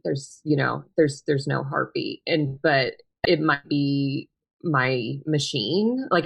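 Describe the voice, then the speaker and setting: A woman in her thirties, a podcast guest telling a personal story in a quiet, subdued, halting way, with many fillers and restarts. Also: low voice, vocal fry. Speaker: podcast guest, bereaved mother.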